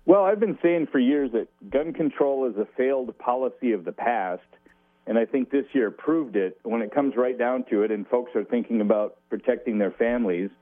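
A law professor speaking as a guest on a radio show, measured with a dry humor. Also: male voice, fairly low pitch, dry recording, phone-quality sound. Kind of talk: radio interview.

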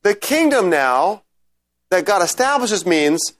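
Male scripture lecturer, a bit high-voiced, conversational, takes class questions. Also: very animated, slow pace, a bit bright. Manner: conversational, checks in with "right?"; reads scripture aloud, then explains. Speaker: Bible teacher. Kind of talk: informal lecture with Q&A.

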